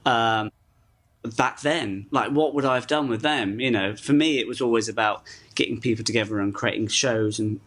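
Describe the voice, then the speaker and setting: Male actor guest from the UK, mid-pitched, chatty, self-deprecating, laughs mid-story. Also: normal speed, a bit bright. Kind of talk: casual interview chat.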